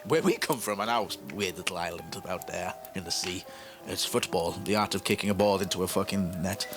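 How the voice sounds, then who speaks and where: A man's voice: low voice, fairly quick, music in the background. A young man co-hosting a podcast, crude and rambling in casual chat. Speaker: podcast co-host.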